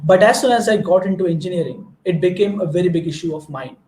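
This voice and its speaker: An Indian man, a native Marathi speaker, delivers an earnest motivational talk and often restarts his sentences as he goes. His voice sits high for a man. The recording has a roomy, echoing sound. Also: fast talker, warm tone. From Maharashtra, India. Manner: earnest, storytelling, frequent restarts. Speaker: guest speaker.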